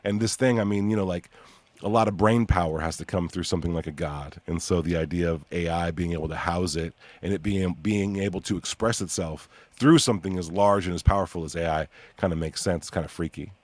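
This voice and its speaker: A young man hosting a podcast in casual chat, rambling through ideas with many fillers and sudden excited bursts. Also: deep voice, fairly quick, no room sound. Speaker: podcast host.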